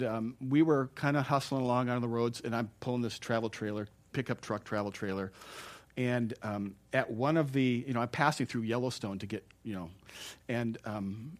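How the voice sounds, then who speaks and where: A middle-aged man preaches a sermon with lively, storytelling energy. He chuckles and exclaims as he goes, and his voice sits at a plain, middle pitch. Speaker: pastor.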